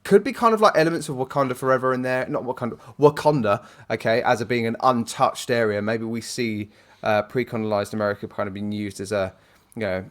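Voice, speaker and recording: A man's voice: mid-range voice, fairly even intonation, brisk, fairly bright tone. A man co-hosting a podcast in casual chat, rambling and hesitant with many fillers. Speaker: podcast co-host.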